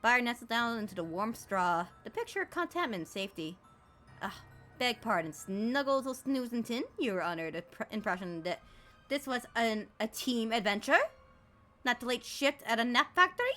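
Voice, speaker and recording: A woman streamer reads game dialogue aloud, her voice bright and crisp. She jumps all over her range as she teases the text in an animated, playful way, with soft game music behind her. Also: on the high side.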